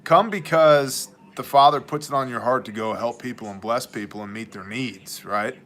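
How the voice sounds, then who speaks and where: A man hosts a casual livestream, answering viewer messages as they scroll by. His voice is bright and forward. He jokes, rambles and slips into mock voices. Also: medium pitch, normal speed. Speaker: livestream host and ministry leader.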